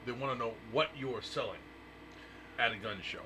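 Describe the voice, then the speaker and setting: A man's voice: mid-range voice, a little fast. A man hosting a talk radio show in casual chat, joking and blunt, swearing freely. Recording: noisy live radio stream.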